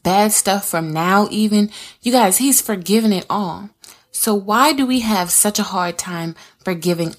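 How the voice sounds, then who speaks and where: Chatty woman teaching Bible study. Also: medium pitch. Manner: chatty and conversational, addresses listeners as y'all.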